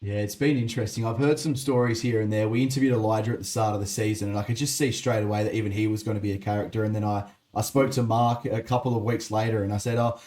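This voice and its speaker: A man's voice: fairly low pitch, steady tone, quick pace, hardly any pauses, a little mellow. A man hosting a sports interview, chatty and friendly, calling his guest "mate". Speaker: podcast host, interviewer.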